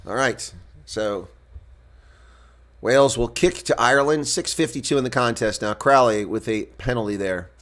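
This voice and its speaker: A man giving solo live play-by-play commentary on a rugby match, moving from relaxed calls and chat with stream viewers to shouting excitement at big plays. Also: mid-range voice.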